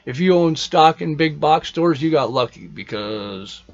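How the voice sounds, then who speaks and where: A man's voice: fairly high pitch, lively intonation, unhurried. Opinionated man rambling on a lo-fi recording. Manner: swears a lot, opinionated, trails off and restarts. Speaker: podcast host. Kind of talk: casual rambling monologue.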